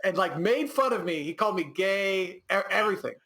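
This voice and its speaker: A man's voice: high-pitched, animated, brisk, sharp tone. A young man from the Sacramento area co-hosting a podcast, rambling in casual chat and laughing often. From Sacramento area, California. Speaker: podcast co-host.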